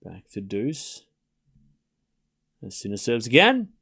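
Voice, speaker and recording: A man hosting a live tennis watchalong stream, chatting loosely to his viewers and then calling rallies shot by shot, rising in excitement on big points. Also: mid-range voice, slightly rough. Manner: rambling chat to viewers, then rapid shot-by-shot calls that rise when points get tense. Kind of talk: live play-by-play watchalong commentary.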